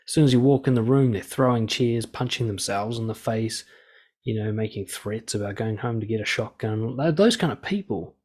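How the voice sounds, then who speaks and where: A man in his thirties, a coach giving blunt, calm advice and swearing freely. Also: mid-range voice. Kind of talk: casual advice talk.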